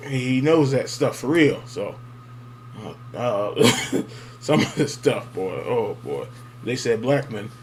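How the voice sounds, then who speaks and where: A man's voice: mid-range voice, expressive, slow, noisy background. Laid-back man hosting a chat. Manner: loose, rambling interjections with fillers. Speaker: podcast host. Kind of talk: casual chat.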